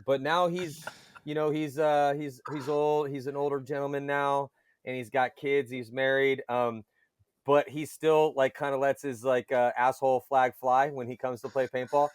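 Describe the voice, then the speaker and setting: A man chatting casually on a podcast, telling lively stories and swearing casually. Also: medium pitch, moderate pace, clear, resonant tone, no echo, studio quality. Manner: animated storyteller, swears casually. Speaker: paintball commentator guest.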